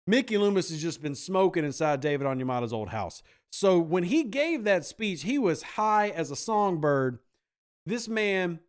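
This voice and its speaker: Brief: animated male podcast host, slightly high voice, sarcastic banter. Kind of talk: casual chat reacting to viewer comments.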